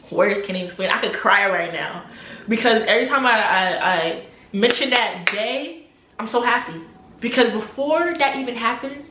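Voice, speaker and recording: A young adult woman telling a personal story to camera in a casual, animated way, repeating phrases and sometimes dropping to a near-whisper. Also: mid-range voice, reverberant, a little hiss or hum. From New Jersey, USA. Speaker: vlogger.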